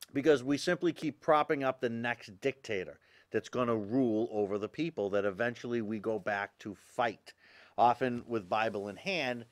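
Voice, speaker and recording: A middle-aged man hosting a talk show, delivering an emphatic political monologue full of rhetorical questions and asides to the audience. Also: mid-range voice.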